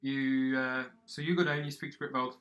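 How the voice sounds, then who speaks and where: A game master guides a tabletop session in plain casual speech. The narration is halting and full of fillers. The voice is bright and forceful. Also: mid-range voice, flat delivery.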